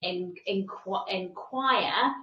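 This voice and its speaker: A woman's voice: mid-range voice, very slow, highs cut off. Emphatic woman coach, roomy distant sound. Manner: emphatic, repeats phrases for stress. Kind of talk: teaching a masterclass.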